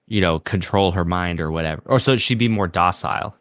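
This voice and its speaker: A man's voice: lowish voice, lively intonation, a little fast, hardly any pauses, fairly bright tone, no echo, studio quality. A man co-hosting a podcast, talking about a movie in a wry, sardonic way. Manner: wry, sardonic, quotes lines with mock voices. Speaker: podcast co-host. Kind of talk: casual movie review chat.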